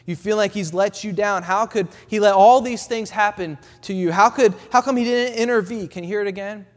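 A man preaching a sermon in a church, building his points through repeated phrases and dropping his voice soft for quoted words of comfort. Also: high-pitched, brisk. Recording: long reverb in a hall.

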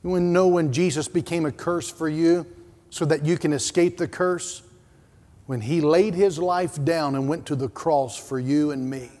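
Male pastor preaching in a church sanctuary, pitched high, rising to urgent calls and dropping to hushed lines. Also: normal speed, long reverb tail. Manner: dynamic preaching, swinging from loud urgent calls to hushed low passages. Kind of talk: sermon.

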